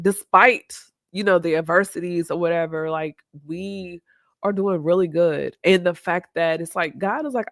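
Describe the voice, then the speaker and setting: A woman's voice: fairly low pitch, normal speed, no room sound. Woman host, candid live-stream chat, reflective and open, dry close sound. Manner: open, reflective, laughs easily.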